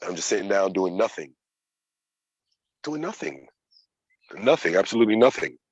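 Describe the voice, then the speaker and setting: Man, 30s, low voice, dry close mic, candid and profane storyteller. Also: quick pace, darkish tone, husky, dry recording, highs cut off. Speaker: yoga practitioner sharing his story. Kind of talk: casual personal storytelling.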